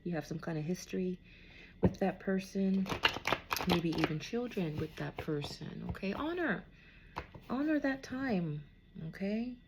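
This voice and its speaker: A woman's voice: medium pitch, expressive, unhurried, noisy background. A woman giving a casual spiritual card reading to an unseen listener, reassuring and often checking in with "okay?". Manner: reassuring, talks to an unseen "somebody", keeps asking "okay?".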